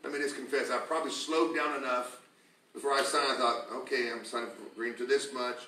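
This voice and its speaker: A man preaching a sermon to a congregation, telling stories with laughter and rising to shouts. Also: medium pitch, steady tone, quick pace, slight background noise. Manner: storytelling, laughing, building to shouts. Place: church sanctuary with congregation. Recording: echoey church from a distance.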